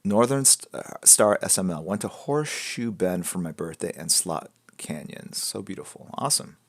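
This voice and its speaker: A man hosting a live drawing stream, chatting in a relaxed, rambling way and answering viewer questions, often dropping to a soft mutter. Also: sits low, normal speed. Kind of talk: casual chat with viewers while drawing.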